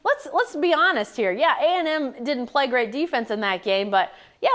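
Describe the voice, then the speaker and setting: A woman's voice: high-pitched, animated, moderate pace, few pauses. A woman co-hosting a casual sports talk show, reading listener questions and answering in a conversational way.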